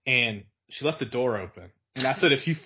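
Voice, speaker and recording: A man's voice: mid-range voice, lively intonation, normal speed, highs cut off. A young man from Virginia, a podcast guest, telling stories in a rambling way with lots of filler words. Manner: rambling, many "like" fillers, laughs through stories. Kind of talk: casual storytelling chat.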